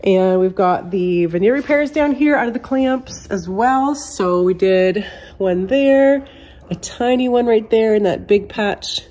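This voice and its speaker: A woman's voice: mid-range voice, measured pace, dark tone. Nasal-sounding woman with a cold. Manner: chatty, explains step by step to viewers. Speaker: furniture restorer. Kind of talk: casual how-to demonstration.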